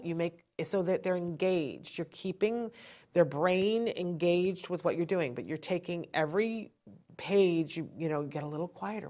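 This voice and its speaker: A woman with a somewhat low voice, talking as a host giving practical parenting advice. She speaks conversationally and keeps checking in with "right?". At times she softens and lowers her voice to act out winding down. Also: moderate pace. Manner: chatty, often checks in with "right?".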